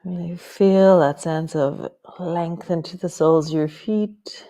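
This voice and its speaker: A woman teaching a yoga class, giving calm, slow movement cues with soft trailing words. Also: fairly low pitch. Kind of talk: guided yoga class instruction.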